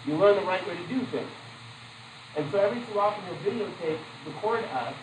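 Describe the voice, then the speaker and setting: A man's voice: high voice, lively intonation, a little fast. Male teacher, classroom lecture, conversational, asks the class questions, casual asides, faint background noise. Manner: loose, self-correcting delivery with asides. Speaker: psychology teacher.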